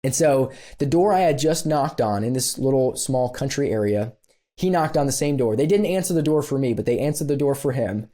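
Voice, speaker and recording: Guy guesting on a podcast, warm mellow voice, chatty self-deprecating storyteller, lots of ums. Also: mid-range voice, a little fast. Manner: animated and self-deprecating, with frequent fillers. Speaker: podcast guest, business consultant. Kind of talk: conversational storytelling.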